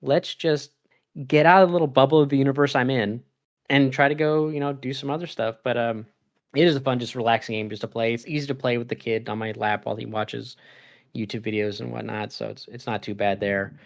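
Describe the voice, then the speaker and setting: A young man on a casual gaming podcast rambles through his stories, laughing often. His voice sits at a middle pitch and leaps upward whenever he plays out his own reactions, keeping the talk animated. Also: fairly quick, gravelly. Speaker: podcast co-host.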